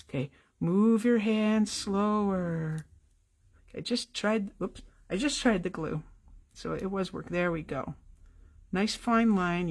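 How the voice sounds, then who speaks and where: A middle-aged woman hosting a live card-making tutorial from her home craft room, chatty and quick, with apologetic asides. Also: fairly low pitch, vocal fry, darkish tone.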